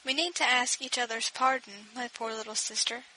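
A woman voicing a dying eighteen-year-old girl who speaks faintly and calmly. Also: a little high, moderate pace, a little hiss or hum, poor audio. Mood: weak, resigned.

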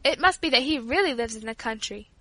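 A curious young country girl in a storybook, earnest and wondering, voiced by a woman. The voice is high and bright, recorded dry and close. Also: expressive, fast, no echo.

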